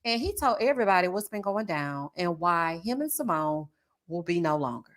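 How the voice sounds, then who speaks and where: A woman hosting a casual reality TV recap livestream. She talks straight to her viewers, reads their chat aloud, and bursts into loud laughs. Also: fairly low pitch, big pitch swings, normal speed.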